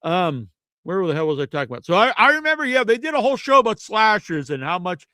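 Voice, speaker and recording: A man's voice: sits high, big pitch swings, quick pace, pushed and bright, no echo. A man hosting a podcast, ranting in a casual, rambling and profane way. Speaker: podcast host. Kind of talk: casual rant.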